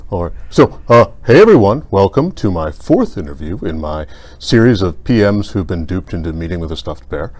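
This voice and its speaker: Man voicing a deep deadpan stuffed bear. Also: moderate pace, dry recording. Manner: deadpan, teasing, hesitant with fillers. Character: sarcastic stuffed toy bear interviewer. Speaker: host. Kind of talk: comedic interview chat.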